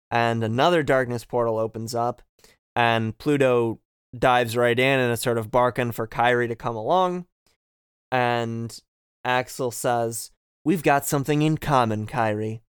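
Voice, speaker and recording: A man's voice: medium pitch, steady tone, measured pace, clear, resonant tone, no echo, studio quality. A man co-hosting a casual podcast, recapping a video game from his notes, joking and laughing often. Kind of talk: casual chat. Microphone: close podcast mic.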